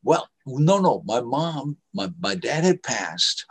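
Slow husky older male storyteller. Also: fairly high pitch, sing-song. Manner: slow, anecdotal, acts out quoted voices, chuckles. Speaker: actor guest. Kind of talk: storytelling interview.

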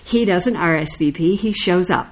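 A woman's voice: fairly low pitch, moderate pace. An older woman casually telling a story in conversation, acting out what people said. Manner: animated anecdotal storyteller, acts out quoted lines. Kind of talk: casual chat.

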